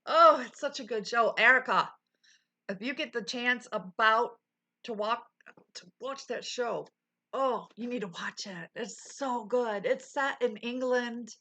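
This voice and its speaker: Bright, slow-talking woman streamer. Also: a little high. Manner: chatty, laughing, exclamatory. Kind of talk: casual chat with live chat.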